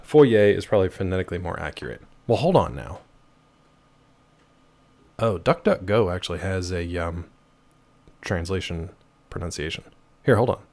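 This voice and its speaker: A male livestream host chatting casually from home, playful and animated, jumping between high and low pitch. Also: moderate pace, vocal fry, pauses often. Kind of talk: casual chat while gaming.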